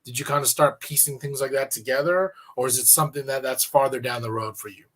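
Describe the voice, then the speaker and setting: A man's voice: medium pitch, fast, fairly bright tone. A man hosting a talk radio show, asking long, rambling questions in a casual conversational way. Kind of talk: radio interview.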